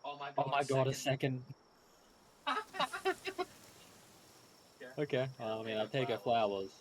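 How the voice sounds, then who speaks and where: A man's voice: medium pitch, fairly quick, a crowd in the background. A man streaming a game with his wife, laid-back and joking, laughing often. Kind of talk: casual gameplay chat.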